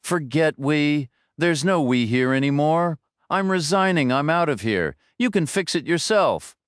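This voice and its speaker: A man voicing a furious, panicking male finance director who shouts insults while out of breath. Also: a little high, animated, measured pace, smooth, dry recording, clean studio sound. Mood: contemptuous.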